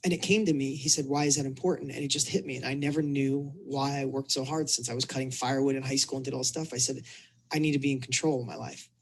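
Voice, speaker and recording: A middle-aged man, a coach, telling a personal story in a casual interview, animated and acting out the dialogue. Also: medium pitch, fast talker, vocal fry, a little hiss or hum. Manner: animated storyteller, acts out dialogue, repeats words. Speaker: business and fitness coach telling his story.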